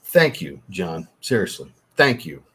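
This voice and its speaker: Husky laid-back man hosting a livestream. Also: sits low, very animated, measured pace, a bit bright. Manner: laid-back, swears casually, chatty asides to viewers. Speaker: livestream host, fragrance reviewer. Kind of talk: casual livestream chat reading super chats.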